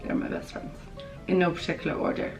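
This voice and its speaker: A young woman in her twenties with a Kerry Irish accent, chatting bubbly and quick to camera as a vlogger. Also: over music, poor audio. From Ireland. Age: 20s. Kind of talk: casual chat to camera.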